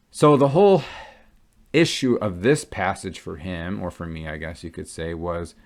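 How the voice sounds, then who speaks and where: A man giving an earnest, casual explanation to viewers, often checking in with "okay?" and "right?" as he goes. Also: sits low. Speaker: Catholic convert vlogger.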